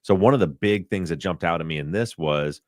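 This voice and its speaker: Male co-host, deep bass voice, earnest and conversational, dry recording. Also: a little fast, a little mellow, no room sound. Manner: earnest, searching for words. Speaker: podcast co-host. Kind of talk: casual conversation.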